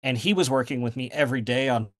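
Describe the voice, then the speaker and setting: A man's voice: mid-range voice, quick pace, fairly bright tone. A man speaking as a guest author in a casual interview, rambling with many fillers and restarts.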